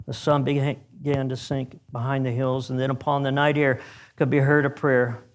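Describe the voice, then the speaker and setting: A man narrating a story aloud in a measured, dramatic reading. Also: fairly high pitch, steady tone.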